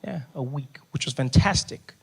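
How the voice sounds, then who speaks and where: A man in his thirties with a South African accent, performing stand-up comedy and telling stories in an animated way that rises to loud punchlines. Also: medium pitch, moderate pace, creaky, breathy edge.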